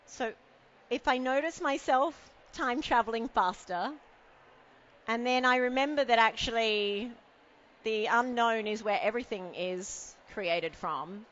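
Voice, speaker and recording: Woman doing a jokey self-mocking keynote, bright ringing voice, kinda dull lo-fi recording. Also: on the high side, slight background noise. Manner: playful and self-mocking, teases the audience. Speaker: keynote speaker. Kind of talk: conference keynote talk. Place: event stage with a podium.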